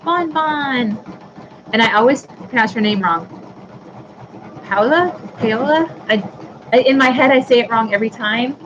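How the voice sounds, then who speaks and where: A woman's voice: a little high, quick pace, lo-fi sound, noisy background. A woman in her thirties hosting a casual live stream, chatting with viewers by name and apologizing easily. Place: home workroom with a sewing machine running.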